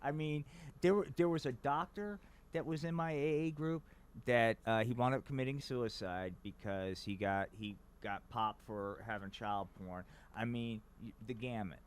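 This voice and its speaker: A man's voice: medium pitch, moderate pace, clean tone. A man in casual chat who tells stories in a loose, profane way. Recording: faint background noise.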